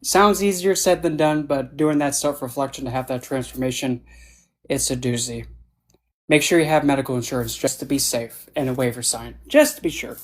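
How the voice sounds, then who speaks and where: A man's voice: mid-range voice, moderate pace. A man on a video call, a panelist telling playful, jokey stories and acting out the voices. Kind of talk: casual panel talk.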